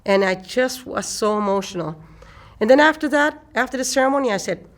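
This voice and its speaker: An older woman from eastern Canada, an elder telling a personal story in an unhurried way and repeating phrases for emphasis. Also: a little high, animated.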